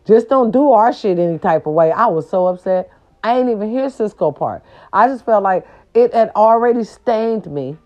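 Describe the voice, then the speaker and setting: A woman's voice: medium pitch, expressive, normal speed, darkish tone, lo-fi sound. A woman, ranting to her viewers in a sassy, profane and emphatic casual monologue. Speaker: vlogger.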